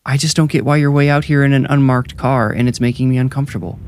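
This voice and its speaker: A man's voice: mid-range voice, steady tone, quick pace, pitched above the performer's own voice, close to an everyday voice. A man voicing a wary, defiant woman executive in a horror story reading. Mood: suspicious. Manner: sharp, suspicious, then frightened and pleading.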